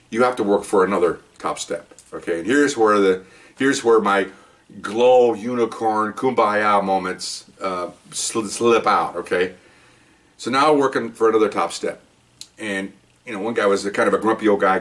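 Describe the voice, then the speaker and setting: A man's voice: on the low side, a bit bright, distant mic. An older man, a retired police officer, rambling through stories from his career and tagging many sentences with "okay?". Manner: rambling, many restarts, says "okay?" often. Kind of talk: casual storytelling monologue.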